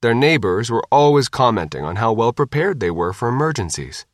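Lively male audiobook narrator. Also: medium pitch, brisk, no echo, studio quality. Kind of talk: scripted narration.

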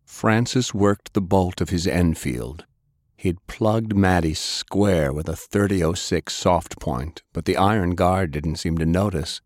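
A man narrating an action audiobook, jumping in pitch as he voices the characters. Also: a little slow, a little mellow, no echo, clean studio sound. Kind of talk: dramatic audiobook reading.

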